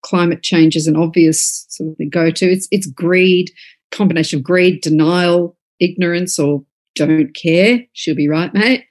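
Woman, middle-aged, earnest, repeats words, slightly low voice. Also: flat delivery, unhurried, darkish tone. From Australia. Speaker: author and guest. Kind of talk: casual podcast conversation.

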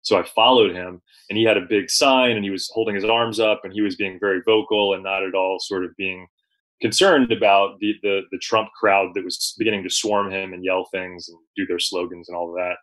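A man, a journalist guest, recounting an experience in relaxed conversation with frequent fillers and restarts. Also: sits low, brisk, low-quality recording. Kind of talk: conversational storytelling.

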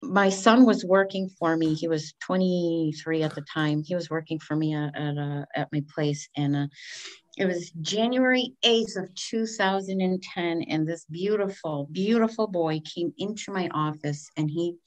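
A middle-aged woman speaks as a guest, voice a shade low for a woman. She tells a personal story openly and expressively. She acts out the lines of the people in it. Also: normal speed. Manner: candid and expressive, acts out quoted speech.

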